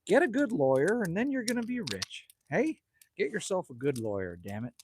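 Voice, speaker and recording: A man's voice: sits high, huge pitch swings, moderate pace, darkish tone, a little hiss or hum. A middle-aged man hosting a casual live stream outdoors by a campfire, chatting bluntly and joking with viewers as he reads the chat. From Northwest Territories, Canada. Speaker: livestream host reading chat.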